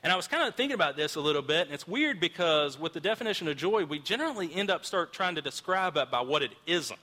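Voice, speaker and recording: A man's voice: fairly high pitch, animated, fast talker, bright, forceful tone, long reverb tail. A man in his thirties preaching a sermon in a casual storytelling way, often restarting his sentences, recorded in a church auditorium. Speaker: pastor.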